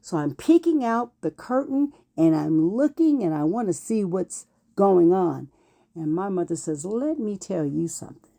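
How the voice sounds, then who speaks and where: A woman in her fifties telling a personal childhood story in an animated way, acting out what people said. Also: lowish voice, measured pace, creaky. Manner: animated, acts out quotes.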